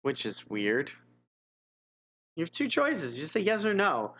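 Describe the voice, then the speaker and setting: A man reads an interactive gamebook aloud on a live stream and chats about the choices between passages. He talks slowly and casually. His tone is wry and self-mocking, and he chuckles often. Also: on the high side, huge pitch swings, a bit bright.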